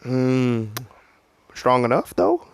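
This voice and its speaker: A man's voice: medium pitch, wildly swooping pitch, very slow, clear, resonant tone, no room sound, heavily acted. A man voicing a cocky teenage boy who teases in casual slang. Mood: teasing.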